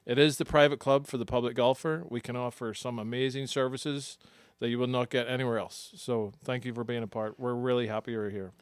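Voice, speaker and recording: A man coaching golf on a podcast, laying out his tips patiently and in order. His voice sits at a mid pitch and is recorded close and dry, with no room sound at all. He sounds casual and chatty. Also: fairly even intonation, fairly quick, clean tone, dry recording. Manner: explanatory, teaching step by step.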